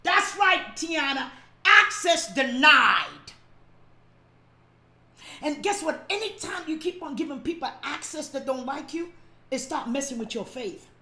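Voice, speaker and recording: Woman pastor, high voice, echoey room, repeats lines for emphasis and shouts the key points. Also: expressive, moderate pace. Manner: preaching with emphatic repetition. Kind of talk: sermon.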